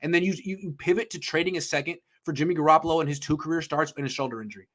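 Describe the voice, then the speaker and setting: Man, sports talk rant, fairly high pitch, emphatic, worked up. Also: racing, a bit bright. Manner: ranting, emphatic, swears, pitch jumps when worked up. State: excited. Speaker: podcast co-host.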